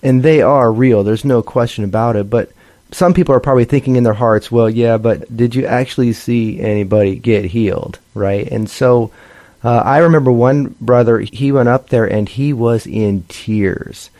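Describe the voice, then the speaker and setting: A man co-hosting a ministry broadcast, talking about healings in an earnest, measured way. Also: mid-range voice, mellow, no echo. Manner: earnest and measured, with many fillers. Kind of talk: conversational broadcast testimony sharing.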